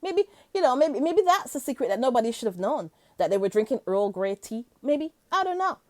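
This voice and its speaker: A woman talking straight to her viewers in a lively reaction vlog. Her voice sits high and leaps up and down through each sentence, and she laughs easily between long, rhetorical questions. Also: fairly quick. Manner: animated, chatty, laughs often, rhetorical questions. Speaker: vlogger. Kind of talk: casual reaction commentary.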